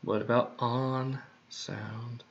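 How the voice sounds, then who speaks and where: Slow, gravelly man muttering to himself. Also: mid-range voice, little pitch movement, noisy background. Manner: mutters to himself, repeating words over and over. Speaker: creator working on a song. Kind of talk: thinking aloud while working. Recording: dull lo-fi recording.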